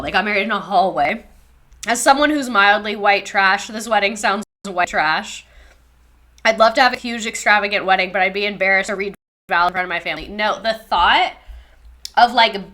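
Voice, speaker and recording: A woman's voice: mid-range voice, bright, forceful tone. A young woman live-streaming casual commentary, sarcastic and swearing freely while reading chat aloud.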